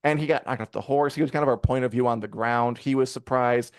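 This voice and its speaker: A man co-hosting a live review show in casual chat, rambling and animated, with many fillers and acted-out quotes. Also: medium pitch, fast talker, clean tone, dry recording, studio quality. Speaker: podcast co-host reviewing a TV episode.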